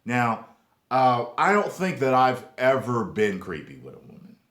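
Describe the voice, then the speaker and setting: A young man rants straight to the camera, his pitch leaping all over as he jumps from loud emphasis down to low, mumbled asides. He talks slowly and drags his points out, and the sound rings a little off the walls of the room. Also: wildly swooping pitch. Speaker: YouTube vlogger. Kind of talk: casual rant to camera. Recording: echoey room.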